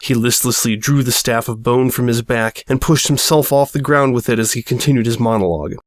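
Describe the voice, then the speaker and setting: A man's voice: medium pitch, fairly even intonation, a little fast, hardly any pauses, no echo, studio quality. A man narrating a story aloud with a wry, mock-dramatic delivery. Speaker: audiobook reader.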